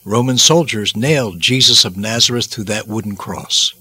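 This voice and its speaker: A man's voice: lowish voice, moderate pace, bright, forceful tone, breathy edge, no room sound. A man preaching a devotional sermon, dramatic and emphatic, repeating phrases for weight.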